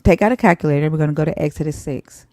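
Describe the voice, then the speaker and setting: A woman's voice: deep voice, very fast, mellow, no echo, studio quality. A young woman hosting a live stream, arguing bluntly and swearing freely as she confronts guests and commenters. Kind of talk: heated live-stream debate.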